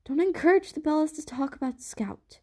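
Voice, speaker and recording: A woman voicing an anxious mother who speaks firmly and in a hurry, with a raised pitch. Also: a little fast, darkish tone, close to an everyday voice. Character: anxious mother, firm and hurried.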